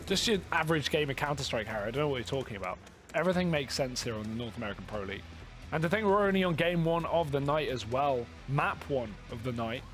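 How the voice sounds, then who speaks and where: A man casting a competitive video game match, trading jokes with his co-caster and building excitement on big plays. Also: mid-range voice, fast, soft background music. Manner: jokey banter, rising excitement on big plays. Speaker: esports caster. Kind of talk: play-by-play commentary.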